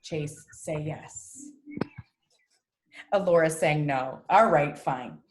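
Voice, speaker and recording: A woman's voice: low voice, slow, a little hiss or hum. A woman reading teacher leading a live online reading class over a video call, chatty and encouraging with a self-deprecating humor. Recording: roomy echo.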